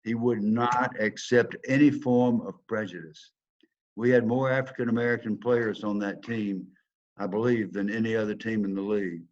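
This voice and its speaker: An older man with a Southern accent tells a personal story, swinging between loud bursts and hushed asides like a dramatic storyteller. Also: lowish voice, fairly even intonation, normal speed, highs cut off. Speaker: speaker telling a personal story. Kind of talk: storytelling talk.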